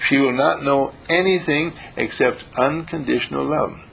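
Gravelly man giving a slow spiritual talk. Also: medium pitch, a bit bright, slight background noise, poor audio. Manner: slow, emphatic and repetitive. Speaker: spiritual teacher.

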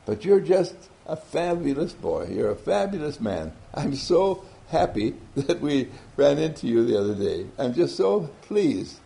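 A man voicing a kindly older male company boss who speaks gently and lovingly. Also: a little high, sing-song, a little slow, vocal fry, hardly any pauses, full character voice. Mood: fond. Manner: gentle, warm and praising.

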